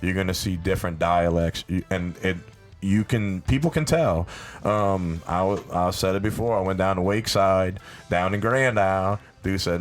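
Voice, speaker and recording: A man's voice: low voice, normal speed, soft background music. A man from South Louisiana with a Cajun accent, talking bluntly and with energy as a podcast guest, swearing freely. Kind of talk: casual podcast chat.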